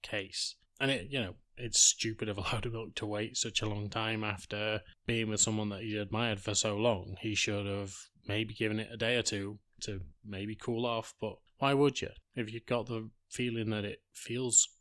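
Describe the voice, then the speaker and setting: Male podcast host, low and even, dry mic, casual blunt retelling. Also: moderate pace, hardly any pauses, no echo. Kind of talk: TV recap podcast.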